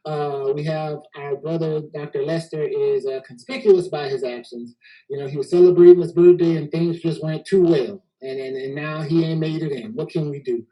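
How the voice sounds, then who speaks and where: A man's voice: fairly high pitch, fairly even intonation, normal speed, warm tone, poor audio. A man from Texas hosting a casual panel discussion, easygoing and joking, often repeating words as he gets going. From Houston, Texas. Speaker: host.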